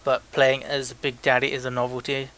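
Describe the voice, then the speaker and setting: A man's voice: mid-range voice, monotone, moderate pace, fairly bright tone. A young man co-hosting a casual podcast, reading listener emails aloud in a joking, loose way with frequent stumbles. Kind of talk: casual chat.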